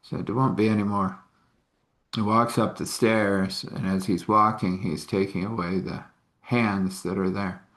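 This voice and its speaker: A man's voice: on the low side, steady tone, a little slow, fairly bright tone. A man casually telling a story, rambling with conversational asides.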